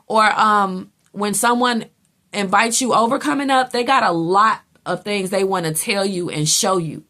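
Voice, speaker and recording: A woman's voice: medium pitch, moderate pace, sharp tone. Blunt, chatty woman reading tarot. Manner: blunt, chatty, swears freely, acts out quoted people. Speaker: tarot reader. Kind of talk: casual tarot reading monologue.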